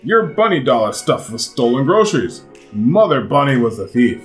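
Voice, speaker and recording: A man's voice: mid-range voice, very animated, normal speed, soft background music, natural voice. A man reading aloud and voicing a bumbling, eager male pig detective in a raised, anxious voice.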